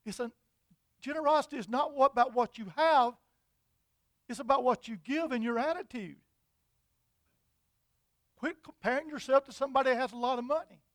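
A man preaching a sermon, telling an imagined story in an animated, repetitive way. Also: very high-pitched, normal speed, long pauses, no echo.

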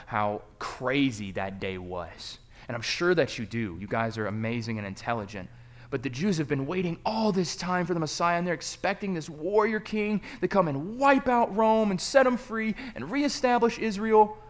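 Young man preaching with lively storytelling. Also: on the high side, normal speed. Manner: storytelling, swings from quiet to loud excited emphasis. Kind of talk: sermon. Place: church.

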